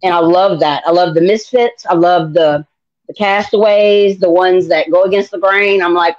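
A middle-aged American woman sharing her faith testimony in an interview, animated and acting out dialogue in voices. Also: on the low side, moderate pace, lo-fi sound. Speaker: guest.

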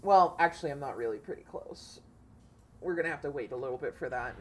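A woman streaming a video game, excitable and swearing freely as she thinks aloud about her loadout. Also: extremely low pitch, quick pace. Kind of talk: casual gameplay commentary.

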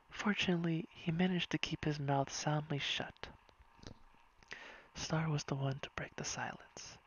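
A reader narrating a whispered bedtime story in a soft, hushed and unhurried way. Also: mid-range voice, flat delivery, slightly rough. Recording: dull lo-fi recording.

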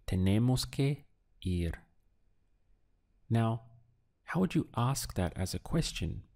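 A man in a recorded lesson, patient and deliberate, pausing for the learner to answer. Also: medium pitch, sing-song, darkish tone. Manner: slow, patient drills with pauses for the learner. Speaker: language teacher.

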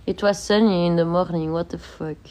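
A woman's voice: on the low side, steady tone, fairly quick, warm tone. A young woman, sick, chatting casually on a livestream from her bedroom, reading out viewer comments and laughing often.

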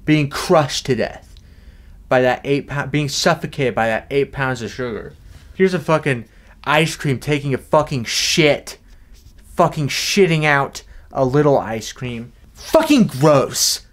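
A young man in a deadpan, rambling comedic monologue, swearing freely as he goes. His voice sits at an ordinary middle pitch, with a dry, offhand delivery. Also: a little slow, pauses often. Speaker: vlogger. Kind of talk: comedic sticker review vlog.

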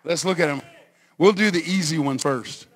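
A male pastor preaching a sermon, swinging from quiet asides to shouted exhortation and calling on the congregation to answer. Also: on the high side, normal speed, slightly rough. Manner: calls on the congregation for responses.

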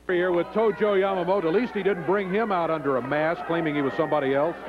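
A man doing excitable play-by-play commentary and interviewing a wrestler. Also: on the high side, fast. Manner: excitable, animated. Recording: lo-fi early 90s TV audio with noise.

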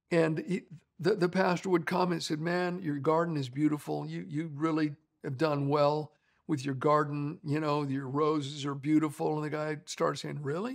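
A man's voice: a little high, creaky. A middle-aged male pastor preaching in a folksy, storytelling way, with frequent restarts and fillers. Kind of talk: conversational sermon storytelling.

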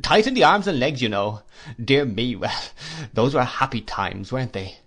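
Guy doing a cheery humble young fella in an audiobook, eager, laughs easy, voice pitched up some. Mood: cheerful. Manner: eager, lively and quick to laugh. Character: cheerful humble young man, good-natured and modest. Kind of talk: audiobook character voice.

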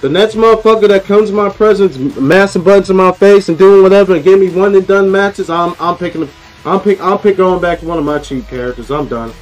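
A man's voice: high-pitched, brisk, faint music behind, rough recording. A man streaming a fighting game, ranting in frustration and repeating himself. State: aggravated. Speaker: gaming streamer. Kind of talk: live gameplay commentary.

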